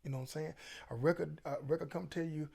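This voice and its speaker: Middle-aged man, gravelly, husky voice, emphatic preachy storytelling, interview guest. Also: fairly high pitch, fairly even intonation, quick pace, warm tone. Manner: preachy, emphatic, Southern Black vernacular. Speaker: featured guest.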